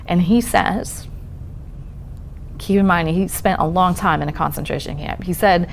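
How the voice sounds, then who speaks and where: A woman's voice: fairly low pitch, unhurried, vocal fry, pauses often, a little hiss or hum. A woman therapist giving a conversational talk to an audience at a college event, reassuring and checking in often. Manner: conversational, reassuring, frequent "um" and "okay?" check-ins. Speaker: speaker on trauma and resilience, therapist. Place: lecture room at a college event.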